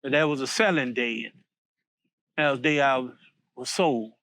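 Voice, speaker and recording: A man voicing an old grandmother in a folk story, recalling being sold as a child, in a slow, mournful, lowered voice. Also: fairly bright tone, dry recording, close to an everyday voice. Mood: sorrowful. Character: grieving old enslaved grandmother.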